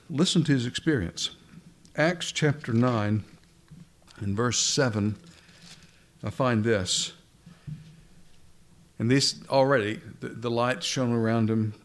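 A man's voice: medium pitch, slow, pauses often. Male preacher, mid-range voice, talks to the room casually, stumbles and restarts often. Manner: conversational, addresses listeners directly, frequent restarts. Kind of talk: sermon.

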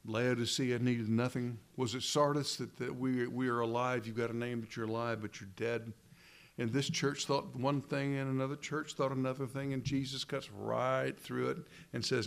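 A man preaching a sermon, earnest and emphatic, with dramatic pauses and quoted lines dropped low and hushed. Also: fairly even intonation, gravelly.

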